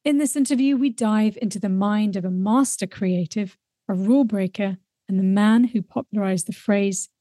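Mellow-voiced New Zealand woman hosting. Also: mid-range voice, no echo, clean studio sound. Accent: light New Zealand. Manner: warm, scripted introduction then conversational questions. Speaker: podcast co-host. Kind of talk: interview hosting.

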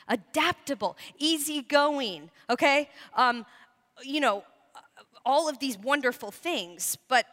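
A woman pastor giving a sermon, telling animated, self-deprecating stories to her congregation. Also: sits high, long reverb tail. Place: church sanctuary.

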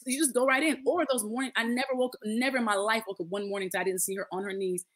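A woman's voice: on the high side, fairly even intonation, quick pace, a bit bright. A woman in her late thirties, a podcast guest, telling a personal story in casual conversation, earnest and acting out the voices of others. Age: late 30s.

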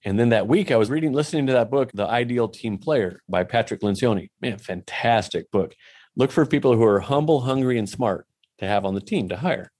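A man's voice: medium pitch, brisk, a little mellow. A man telling a personal faith story in a casual, candid way, poking fun at himself and dropping in lots of "you know" asides.

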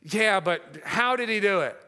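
A male preacher delivering a sermon with a high-pitched voice. His tone is bright and forceful, and he gets animated as he acts out conversations from the story, now and then laughing at his own asides. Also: moderate pace, clear, resonant tone.

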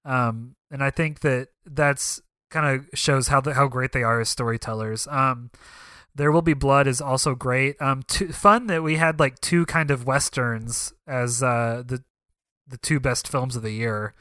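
A man co-hosting a casual podcast, his voice bright and crisp. He talks in a chatty way, dropping plenty of "um" fillers. The sound is dry and close to the mic. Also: medium pitch, fairly even intonation, measured pace, no echo. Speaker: podcast co-host. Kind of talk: casual film discussion.

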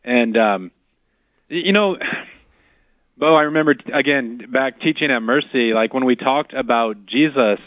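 A man's voice: medium pitch, a little slow, no room sound. Male co-host on tinny phone-like radio. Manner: thoughtful, with frequent "like" fillers. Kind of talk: casual faith discussion.

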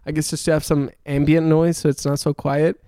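A man's voice: a little high, flat delivery, a little fast, warm tone, no room sound, clean studio sound. A young man telling a long story in casual chat, swearing often and laughing as he goes.

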